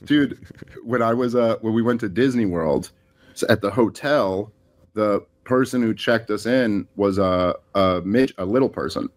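A man in his thirties telling animated anecdotes in a casual comedy chat. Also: on the low side, measured pace, no room sound.

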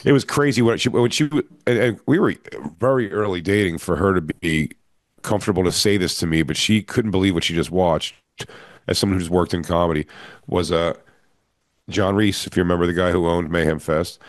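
A man's voice: sits low, a little fast, no echo, clean studio sound. A middle-aged man, a comedian, telling a long casual anecdote with crude language and acted-out quotes. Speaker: comedian and podcast co-host. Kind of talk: casual storytelling chat.

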